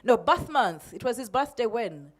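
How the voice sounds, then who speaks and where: A woman's voice: fairly high pitch, very animated, normal speed. A woman from Uganda, in her forties, speaking as a poet with a shaky, emotional but defiant delivery before a reading.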